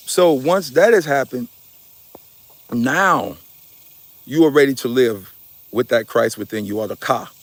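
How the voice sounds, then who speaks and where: Recorded dry, a medium-pitched man gives a fervent spiritual talk. He preaches emphatically, drops slang and curse words, and repeatedly calls his audience y'all.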